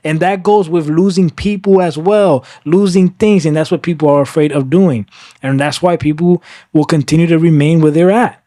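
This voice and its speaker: On a casual podcast, a man with a dark, high-leaning voice talks emphatically at normal speed, often tacking on "right?" He occasionally drifts into Spanish. The recording is clean studio sound without echo.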